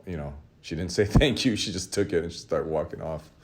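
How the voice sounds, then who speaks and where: A man casually telling a rambling, self-mocking story, with laughs and shouted re-enactments. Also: low voice, a little fast. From Los Angeles area. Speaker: artist telling a story to his audience.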